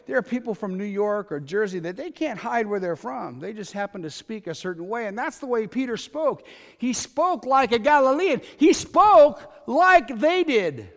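High-voiced man preaching in a reverberant hall. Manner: conversational preaching, swings between loud emphasis and quiet asides. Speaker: pastor. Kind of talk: sermon.

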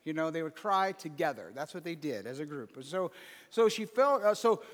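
A man's voice: a little high, sing-song, normal speed, fairly bright tone, in a large hall. A man preaching a sermon as pastor, reading scripture aloud and then breaking into casual, conversational asides.

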